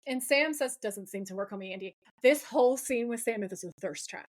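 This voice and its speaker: This female podcast co-host speaks fairly quickly at a medium pitch. She gives a lively, casual recap of a TV episode, voicing the characters' lines as she retells each scene.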